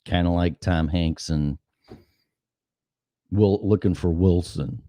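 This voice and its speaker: Gravelly-toned low-voiced man ranting. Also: slow pace, no echo, clean studio sound. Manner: profane, rambling, animated storytelling. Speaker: show host. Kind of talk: casual monologue.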